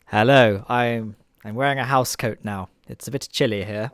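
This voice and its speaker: A man's voice: mid-range voice, normal speed, dry recording, soft background music. Chuckling man streaming a game. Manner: chatty, chuckling, talks to viewers. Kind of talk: live gameplay commentary.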